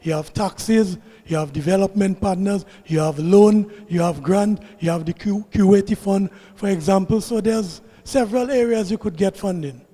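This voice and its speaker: A man, an election candidate answering audience questions at a public forum in a measured, explanatory way. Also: high voice, warm tone, long reverb tail. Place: public meeting hall.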